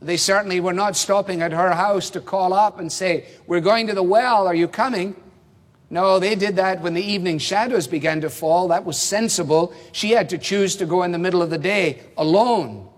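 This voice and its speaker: A man preaching a sermon, explaining a passage slowly and emphatically, with rhetorical questions. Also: high-pitched, in a large hall.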